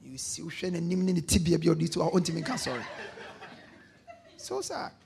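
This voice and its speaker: A male pastor preaching a sermon, repeating key lines, prompting the congregation to answer and bursting into shouts on key points. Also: on the high side, sing-song, normal speed, vocal fry, a little hiss or hum.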